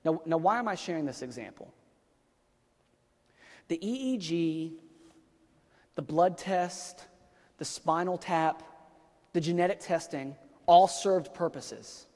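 Male pastor, 30s, conversational sermon, slightly high voice, long hall reverb. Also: a little mellow. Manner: conversational, rhetorical questions, frequent fillers. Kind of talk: sermon with personal story.

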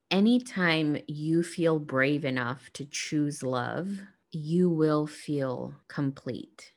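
A woman hosting a reflective spiritual monologue, speaking gently and earnestly to her listeners. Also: sits low, very slow. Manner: gentle, soft-spoken, earnest.

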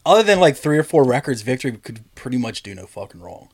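A man hosting a casual podcast chat, telling animated stories, swearing often and acting out quotes in a higher voice. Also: fast, slightly rough. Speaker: podcast host.

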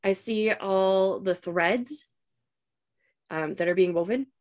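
A woman's voice: medium pitch, takes it slowly. Chatty upbeat woman podcast co-host. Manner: chatty, upbeat, trailing off into soft asides. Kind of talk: casual chat reviewing a TV episode.

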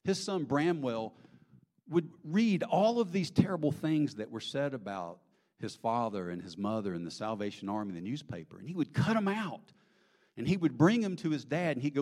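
Male pastor, Southern US accent, folksy sermon, lively swings in pitch and volume, drops to whispers. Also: moderate pace. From American South. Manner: dynamic, swings from loud to hushed whispers; folksy, conversational, asks the audience questions.

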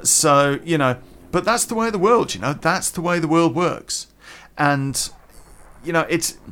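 A man's voice: mid-range voice, fairly bright tone. A British man hosting a podcast, ranting casually and bluntly, swearing freely and chewing gum as he talks. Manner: chatty, blunt, swears casually, lots of "you know". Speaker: podcast host.

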